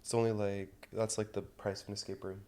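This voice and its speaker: Young man, podcast host, low voice, casual chat, rambling with fillers. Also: flat delivery, brisk, a little mellow, a little hiss or hum. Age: 20s. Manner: chatty, many "like" fillers, ranting soapbox.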